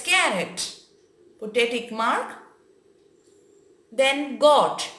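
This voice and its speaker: A woman teaching an online class to young children, asking questions and making animal sounds in a slow, deliberate, exaggerated way. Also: high voice, fairly bright tone. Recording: echoey room.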